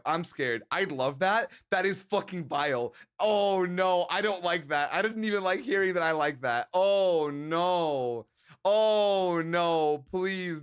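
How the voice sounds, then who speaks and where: A man's voice: on the high side, fairly bright tone, clean tone. A man live-streaming and chatting casually with his viewers, joking around and laughing often.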